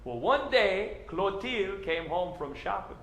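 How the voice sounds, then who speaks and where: A man's voice: high-pitched, sing-song, slow pace, a bit bright, reverberant. A man with a Cajun accent telling folksy stand-up stories to a live audience. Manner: folksy, conversational storytelling. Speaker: comedian.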